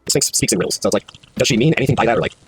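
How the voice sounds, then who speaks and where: Rapid-fire man playing a puzzle game. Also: mid-range voice, expressive, a little hiss or hum. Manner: rambling, self-talking, swears casually. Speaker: gaming video host. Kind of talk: casual let's-play commentary.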